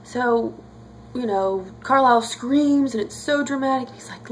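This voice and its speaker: A chatty, emotional young woman speaks casually to her camera in a reaction vlog. Her voice sits a little high, and a faint hum runs under it. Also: a little slow. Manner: chatty and emotional, lots of fillers. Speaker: vlogger.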